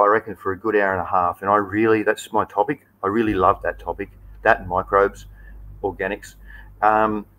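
An Australian man with a fairly low voice hosts a relaxed live stream. His talk is loose and rambling, with plenty of filler and friendly asides to his viewers. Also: low-quality recording. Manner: chatty, easygoing, loose and rambling. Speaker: livestream host. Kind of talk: casual live chat.

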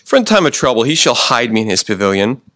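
A pastor preaching a sermon, often slowing down for emphasis and restarting his sentences. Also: medium pitch, big pitch swings, a bit bright, no room sound. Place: church.

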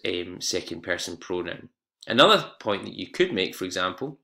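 A man's voice: fairly low pitch, bright, forceful tone. A man teaching an exam-prep English lesson, explaining step by step with fillers and self-corrections.

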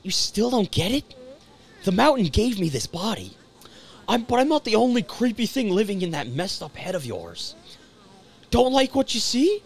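A man voicing a cruel, mocking dark twin of a young woman in a video game, with a taunting surfer drawl. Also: high-pitched, very animated, normal speed, slightly rough, voice pushed up, exaggerated voice. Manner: sneering, taunting line reading, surfer drawl.

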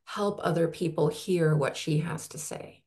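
A woman host asking thoughtful questions, often pausing to search for words. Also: low-pitched, steady tone, a little mellow. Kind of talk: interview questions.

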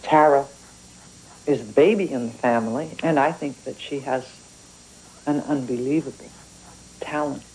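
A woman's voice: rumbling low, normal speed, long pauses, warm tone, husky, rough recording. A woman from Canada, a writer talking about her work in a thoughtful, conversational interview. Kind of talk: reflective interview talk.

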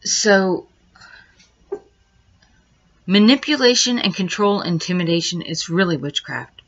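Speaking unhurriedly in a fairly low, animated voice, a woman vlogger walks through what happened to her piece by piece. She rambles and becomes increasingly worked up, and the lo-fi recording sounds dull.

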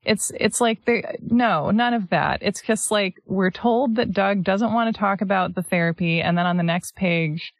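A woman's voice: medium pitch, moderate pace, few pauses, dry recording. A Canadian woman co-hosting a podcast in casual chat, reading passages aloud and making sarcastic asides. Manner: sarcastic, animated, often laughing. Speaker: podcast co-host.

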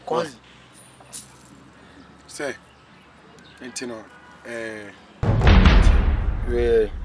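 A timid young man who begs and stammers, forever hedging and pleading. A faint hiss sits under the voice. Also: mid-range voice. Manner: begging, stammering.

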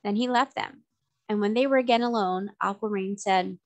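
A woman tutor reading a storybook chapter aloud in a clear, measured way. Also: mid-range voice.

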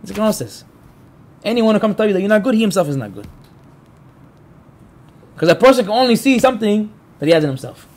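A man's voice: high voice, fast, long pauses. A man, a rabbi, giving a Torah class to a live group, telling stories with energy, acting out quotes and asking the room questions. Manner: animated storyteller, acts out quotes; talks to the room, asks the listeners.

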